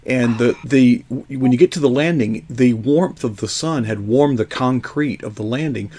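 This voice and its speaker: A man's voice: medium pitch, moderate pace, dark tone, slightly rough. A man hosting an interview, rambling through childhood stories in casual chat. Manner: rambling reminiscing storyteller. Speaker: show host.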